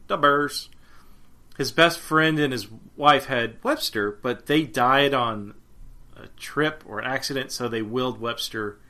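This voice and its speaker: A man co-hosts a podcast in a loose, rambling chat, often restarting his sentences and laughing at himself. His voice is bright and forceful, with a slightly tense edge. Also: medium pitch, unhurried. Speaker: podcast co-host. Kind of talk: casual chat.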